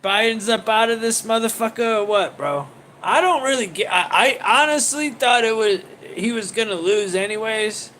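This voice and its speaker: A man's voice: high voice, expressive, moderate pace, pushed and bright, slight background noise. A man hosting a casual livestream, rambling and swearing as he reacts to viewer comments and laughs often. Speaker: livestream host.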